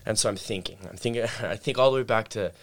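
Young male guest, slightly low voice, relaxed storytelling with lots of filler words. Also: fast. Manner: laid-back storytelling, heavy on "like" and "dude". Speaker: guest telling his story. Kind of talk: casual chat.

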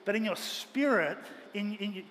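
A pastor preaching a Sunday sermon with earnest, emphatic delivery, speaking in a church auditorium. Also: male voice, sits high, unhurried, a bit bright. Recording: long hall reverb, faint ambient noise.

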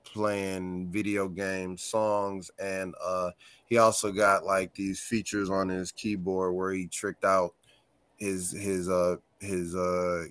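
Man, podcast guest, bright voice, dry sound, laughing storyteller, profane. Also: deep voice, slow pace, smooth, dry recording. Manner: animated, profane, laughs often while telling stories. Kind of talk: casual storytelling chat.

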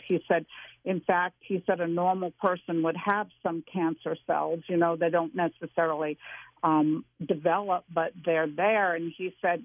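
An older woman, a guest, telling an earnest, animated personal story in casual conversation, with many restarts. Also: fairly low pitch, moderate pace. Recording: dry phone-line audio.

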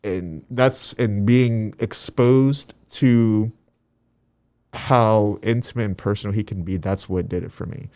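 Animated man in his twenties telling stories. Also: on the low side, slow, no echo. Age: 20s. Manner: animated storyteller, acts out quotes, trails off softly. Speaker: guest. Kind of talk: casual faith chat.

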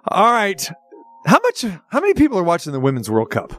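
A man's voice: high voice, huge pitch swings, brisk, fairly bright tone. A man hosting a sports talk show, chatting casually and rambling as he restates his points to a co-host.

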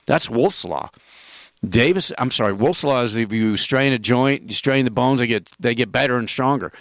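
A man's voice: mid-range voice, moderate pace, fairly bright tone, no echo. A man hosting a radio health call-in show, talking casually in a rambling, jokey way with emphatic asides.

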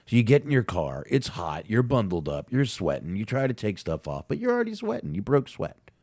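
A man with a very deep voice hosts a loose wrestling podcast while nursing a sinus cold. He swears constantly and rants with a lively, animated pitch. The sound is close and dry. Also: a little fast, no echo. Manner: profane, excitable, ranting. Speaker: podcast co-host. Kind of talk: casual wrestling podcast chat.

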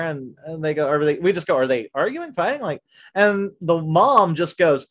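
A man hosting a podcast, casually telling stories about his work at a movie theater in an animated way, often laughing as he goes. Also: a little high, moderate pace. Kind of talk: casual storytelling chat.

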